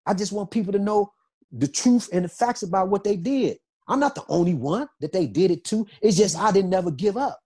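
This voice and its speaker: Husky-voiced man, emphatic and insistent. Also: high voice, darkish tone. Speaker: interview guest. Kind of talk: emotional interview testimony.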